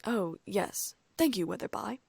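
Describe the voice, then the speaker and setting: A woman's voice: mid-range voice, steady tone, a little fast, a little mellow, dry recording, lightly acted. A woman voicing a stiff, rule-bound male official who speaks curtly and with dry sarcasm. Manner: curt and dryly sarcastic. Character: stiff, strict older male ministry official.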